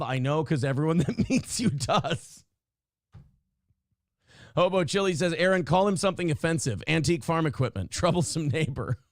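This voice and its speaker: A man's voice: a little high, no echo, clean studio sound. A man hosting a live show, chatting and ranting, swearing a lot and reading viewer comments aloud. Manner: profane, animated, reads chat comments aloud. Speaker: host. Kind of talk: casual live-show banter and rant.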